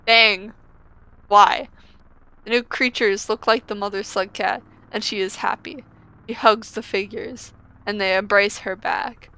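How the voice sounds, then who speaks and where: A woman's voice: medium pitch, steady tone, measured pace, pushed and bright, clear, resonant tone. A woman playing a text-based game, reading its passages aloud and giggling through casual reactions in between. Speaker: let's player.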